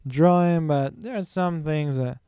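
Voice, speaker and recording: A man's voice: on the high side, unhurried, warm tone, clean tone, dry recording, studio quality. A man streaming his drawing, talking casually to himself and his viewers in a rambling, self-correcting way. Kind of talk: casual thinking-aloud while drawing.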